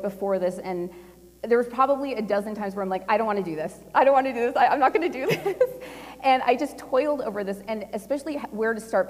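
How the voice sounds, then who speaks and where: A middle-aged woman speaks to a conference crowd in a loose, storytelling way, with plenty of laughter and fillers. Her voice sits in a middle pitch and carries a long reverb off the walls of a large hall. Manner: chatty and animated, laughing often, with lots of fillers. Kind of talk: casual personal storytelling talk.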